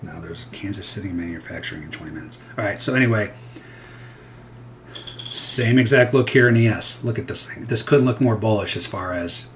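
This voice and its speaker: Low-voiced man narrating live trades. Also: brisk, slight background noise. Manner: rambling, self-interrupting, candid. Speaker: futures trader. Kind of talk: live trading commentary.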